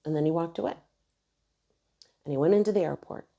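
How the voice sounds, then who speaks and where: A woman's voice: low voice, a little fast, vocal fry, dull audio. A woman in her thirties earnestly telling a personal story on her own channel. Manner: earnest, emotional retelling, quoting others softly.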